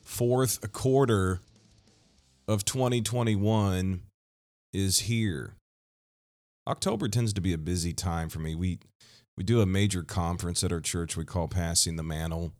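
A man with a very low, deep voice talks off the cuff as the host of his own podcast. He is a pastor in his thirties and speaks candidly, rambling and often restarting his sentences. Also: normal speed, a little mellow, faint music behind. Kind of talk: unscripted podcast monologue. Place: Kansas City, USA.

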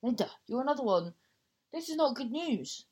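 A woman presenting a chatty radio show, reading out listener messages and reacting with animated exclamations. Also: normal speed, breathy edge. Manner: animated, exclaiming, swings high in surprise.

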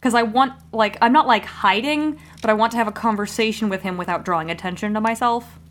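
A woman's voice: a little high, quick pace, fairly bright tone. A woman playing a tabletop game, talking casually and swearing freely. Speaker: player.

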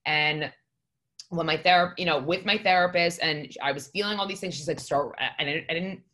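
Low-voiced woman telling a candid, rambling story. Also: fairly even intonation, moderate pace, fairly bright tone. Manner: candid, rambling storyteller who swears for emphasis. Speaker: podcast guest. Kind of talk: casual podcast conversation.

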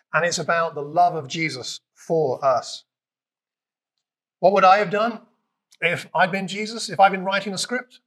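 A man with a British accent preaching a conversational sermon, retelling scripture and acting out lines with lively emphasis. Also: sits high. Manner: conversational, animated, acts out quotes with raised voice.

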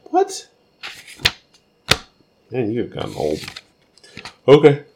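Guy co-hosting a podcast, really deep voice, teasing and joking. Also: animated, background noise. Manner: teasing, quick-fire questions. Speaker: podcast co-host. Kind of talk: casual chat.

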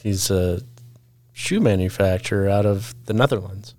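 A man's voice: deep voice, normal speed, mellow, no room sound. A man telling a rambling, laughing story as a podcast guest, in a casual chat. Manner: laid-back, laughs through his story, rambles with restarts.

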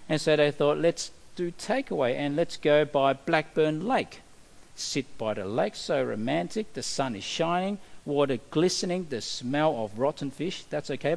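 Animated preacher in a reverberant hall. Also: male voice, on the high side. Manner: animated, asks the congregation questions. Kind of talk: sermon. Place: church hall.

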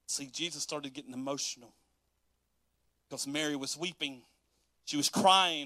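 Man, preacher, bright tense tone, animated, acts out quotes, sermon. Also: on the high side, normal speed, no echo, studio quality. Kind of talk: sermon reading and explaining scripture.

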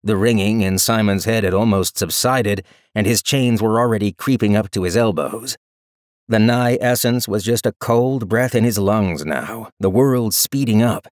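A man narrating a fantasy audiobook in an expressive, dramatic storytelling style on a close studio mic. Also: on the low side, moderate pace, no room sound. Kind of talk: scripted narration.

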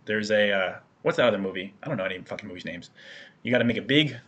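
A man's voice: fairly low pitch, animated, quick pace, fairly bright tone, lo-fi sound. A young man in casual chat, telling rambling, profanity-filled stories as a podcast co-host.

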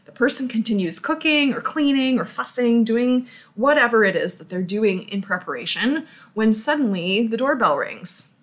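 A woman pastor preaching a sermon in a measured, deliberate way, with pauses. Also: on the high side, lively intonation. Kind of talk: sermon storytelling.

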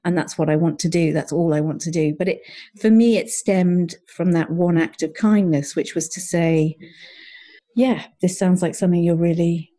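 A woman's voice: on the low side, moderate pace, hardly any pauses, warm tone. A middle-aged woman, a coach, telling a personal story as a podcast guest in an earnest, reflective way. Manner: earnest, reflective, often quotes her own thoughts.

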